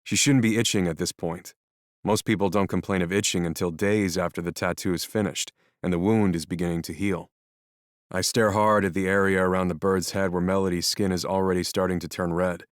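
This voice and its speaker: Very deep-voiced male audiobook narrator. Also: steady tone, brisk, dry recording, clean studio sound. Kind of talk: first-person scripted narration.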